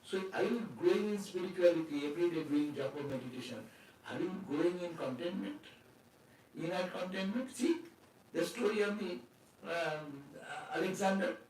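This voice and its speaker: A man's voice: high voice, normal speed, a little mellow, a little hiss or hum. A man giving a spiritual talk as a swami, conversational, with laughs and rhetorical questions. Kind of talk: sermon. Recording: echoey hall from far off.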